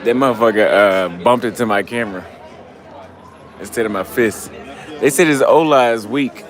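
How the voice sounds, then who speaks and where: A man's voice: on the low side, normal speed, some chatter behind. A man vlogging outdoors on a city street at night into a handheld camera. He is a little tipsy and out of breath, and he rambles loosely and profanely, often trailing off mid-thought. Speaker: travel vlogger. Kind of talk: casual street vlog monologue.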